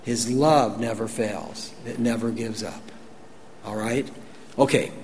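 A man's voice: medium pitch, fairly even intonation, slow, darkish tone. A man preaching a conversational sermon, folksy and emphatic, often asking the congregation questions. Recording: long hall reverb, faint ambient noise.

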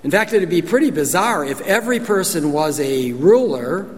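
A man's voice: fairly high pitch, animated, normal speed. A man preaching a conversational sermon, folksy and emphatic, often asking the congregation questions. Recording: long hall reverb, faint ambient noise.

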